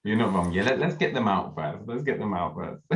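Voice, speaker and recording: Brief: male host, deep voice with lively swings, dull muffled call sound, teasing and jokey. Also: a little hiss or hum. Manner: playful teasing, laughs often. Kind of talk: casual interview, reading viewer questions. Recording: muffled video-call audio.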